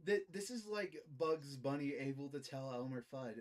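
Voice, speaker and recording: Guy running a tabletop game, lively swingy voice, cusses a lot, laid-back chat. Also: medium pitch, normal speed, a crowd in the background, poor audio. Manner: animated, swears freely, laughs. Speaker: game master. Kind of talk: narrating a tabletop game, casual and profane.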